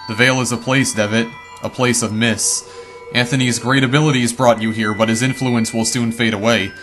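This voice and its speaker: A man's voice: medium pitch, steady tone, moderate pace, fairly bright tone, soft background music, natural voice. A man reading a solemn dream voice. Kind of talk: reading game text aloud.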